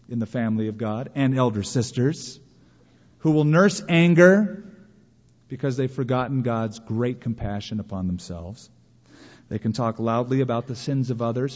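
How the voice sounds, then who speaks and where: A man preaching a sermon to a congregation, lively and storytelling, acting out imagined complaints in a raised voice. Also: medium pitch. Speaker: pastor. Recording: dull lo-fi sound with long reverb of a large hall.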